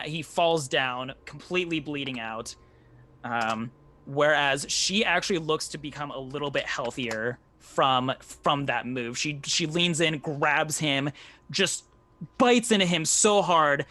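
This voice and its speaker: A man's voice: fairly high pitch, sharp tone. A man running a tabletop game as game master, narrating combat loosely with fillers and swearing.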